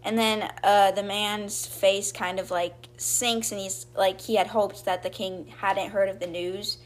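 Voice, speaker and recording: Casting: young woman, chatty storyteller recap, slips into quick character voices, everyday pitch. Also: level tone. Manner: chatty, acts out quotes in brief voices. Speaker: podcast host retelling a book.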